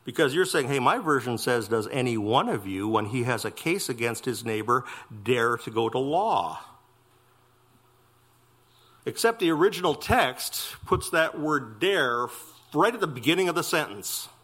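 A man preaching an expository sermon in a church, emphatic and exclamatory, stressing phrases slowly. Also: medium pitch, lively intonation, fairly bright tone. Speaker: pastor.

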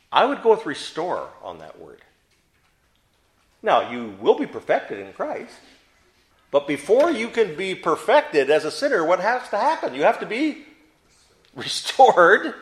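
A man's voice: high voice, bright, forceful tone. A man teaching a Bible study to a group, asking them questions and answering them himself, with emphatic stress on key words.

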